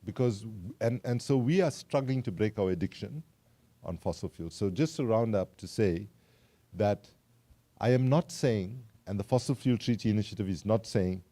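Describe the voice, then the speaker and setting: Low, mellow-voiced South African man. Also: moderate pace. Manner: engaging, wry, polls the audience with questions. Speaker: climate activist speaker. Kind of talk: public talk to a live audience.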